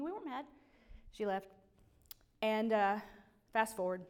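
A woman's voice: on the high side, measured pace. A woman telling a personal faith story, acting out voices and dropping to a near whisper at tense moments. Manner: animated, acts out quoted voices, trails to a near whisper. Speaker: speaker sharing a personal testimony.

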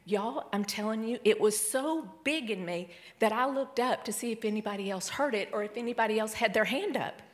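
Woman preaching with hushed intensity. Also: a little high, brisk, few pauses. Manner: emotional storytelling, swings between hushed whispers and excited bursts. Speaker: speaker at a church service. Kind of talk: sermon testimony.

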